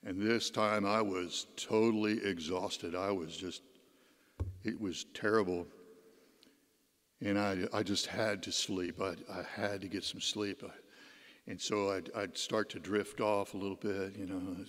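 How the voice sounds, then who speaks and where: A man's voice: lowish voice, fairly even intonation, unhurried. A man, a deacon, giving a homily as a folksy personal story, his voice rising and dropping. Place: church. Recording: long church reverb.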